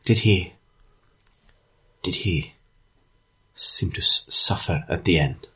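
A man's voice: low voice, bright, forceful tone, slightly rough, exaggerated voice. A man doing a stammering anxious alchemist. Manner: halting, stammering. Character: anxious charmed male alchemist, nervous and halting.

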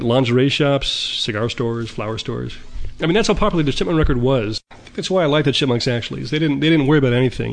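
A man's voice: mid-range voice, a little mellow. A man telling a long, rambling story in a casual monologue, often stammering and restarting his sentences.

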